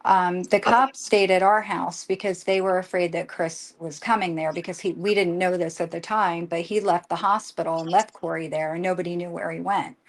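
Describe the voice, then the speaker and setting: Older woman, lowish voice, pours out a rough story, quotes people back and forth, lots of restarts. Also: fairly even intonation. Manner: rushed, emotional storytelling with many restarts and quoted dialogue. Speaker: guest. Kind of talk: emotional personal account in a live conversation.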